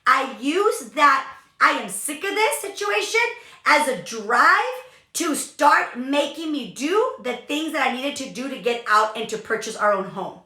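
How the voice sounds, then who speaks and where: High, bright-voiced energetic motivational woman. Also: measured pace, reverberant. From California. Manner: emphatic, energetic, repeats for emphasis. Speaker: podcast host, business coach. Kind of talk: motivational talk.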